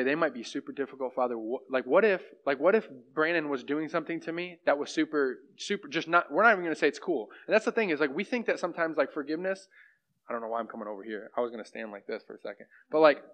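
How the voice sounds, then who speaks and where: A young pastor with a slightly high, somewhat bright voice delivers a sermon in a casual, conversational style, often asking the room "right?" The recording sounds dull and lo-fi.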